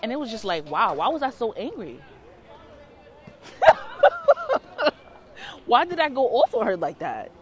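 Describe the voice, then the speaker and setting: Animated, profane woman vlogger. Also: fairly high pitch, fast, hardly any pauses, a faint crowd. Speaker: tarot reader. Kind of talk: casual storytelling vlog.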